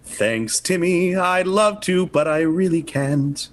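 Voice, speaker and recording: Man, lively pitch, unhurried, joking table-read lead for a radio-play parody. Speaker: amateur reader in a comedy table read.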